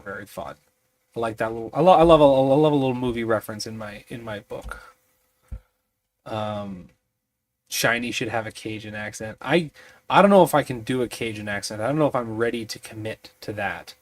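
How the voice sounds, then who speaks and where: A sleepy man thinking aloud in a halting, musing way as he rolls on tables to design a tabletop mystery. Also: medium pitch, slight background noise. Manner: musing, halting, many fillers.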